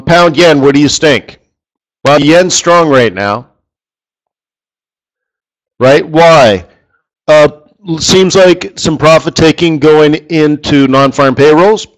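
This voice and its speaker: A man hosting a live forex trading session, chatty and rambling, tossing questions to his viewers as he goes. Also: a little high.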